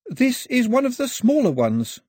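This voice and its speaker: A man voicing a nervous, eager young man who explains things in a high, hesitant voice. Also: wildly swooping pitch, unhurried, darkish tone, breathy edge, no echo, studio quality, heavily acted.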